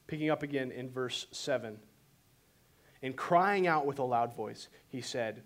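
A man preaching a sermon and telling the story in an animated way. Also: medium pitch, normal speed, slight background noise. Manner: animated storytelling, voices quotes dramatically. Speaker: pastor.

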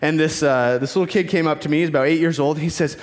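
A man's voice: on the high side, fast, big-room sound. A man preaching a sermon as youth pastor, telling stories earnestly with emphatic repetition, in a church.

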